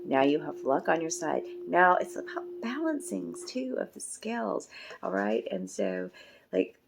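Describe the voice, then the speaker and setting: A woman gives a tearful, rambling card reading, speaking with warm affection to her viewers. Her voice sits low and has a gravelly fry to it. A steady hum and noise run under the home recording. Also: measured pace. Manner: emotional, affectionate, rambling and spiritual. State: teary. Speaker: tarot card reader.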